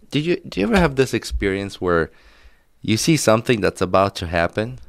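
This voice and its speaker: Podcast co-host, very low male voice, dry close sound, laughs a lot while telling stories. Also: creaky, no echo. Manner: laughs through his stories, swears casually. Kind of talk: casual chat.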